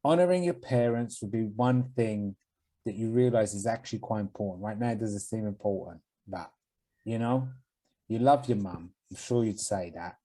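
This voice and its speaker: Mellow, laid-back young man podcaster. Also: on the low side, moderate pace, low-quality recording. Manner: laid-back, giving blunt advice with swearing. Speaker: podcast co-host. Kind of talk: casual chat.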